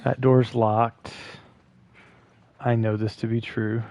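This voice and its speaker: A man's voice: medium pitch, flat delivery, takes it slowly, darkish tone. A man streaming a video game live, chatting to his viewers while he plays. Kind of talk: live gameplay commentary.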